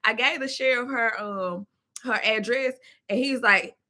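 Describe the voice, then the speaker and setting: Brief: woman with a Memphis Southern accent, livestream host, chatty and talking straight to the chat, voice a touch high and very bright. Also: unhurried. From Memphis, Tennessee. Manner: chatty, talks to viewers and reads the chat aloud. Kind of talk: casual live-chat venting.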